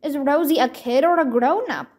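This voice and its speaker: A woman's voice: high-pitched, normal speed, close to an everyday voice. Woman doing an eager, chatty little girl. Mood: cheerful. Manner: bright, chatty, excited. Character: cheerful eager young girl.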